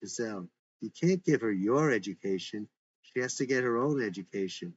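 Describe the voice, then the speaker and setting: A man's voice: lowish voice, expressive, normal speed, a little hiss or hum, close to an everyday voice. A man reading the lines of a placating middle-aged mother, in a dull lo-fi recording.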